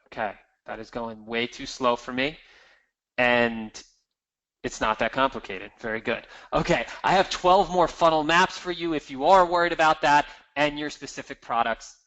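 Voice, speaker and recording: A man giving an energetic, emphatic marketing seminar, walking the audience through slides. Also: mid-range voice, normal speed, dull audio. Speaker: marketing presenter.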